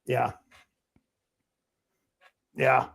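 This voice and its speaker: A man's voice: drawn-out words, a bit bright. A man hosting a live-stream talk show, chatting loosely and swearing casually. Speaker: host.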